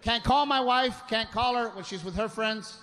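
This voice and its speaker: A man performing live stand-up comedy, ranting in an exasperated way with loud shouted bursts. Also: very high-pitched, moderate pace. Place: stage at a live show. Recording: live show with loud background noise.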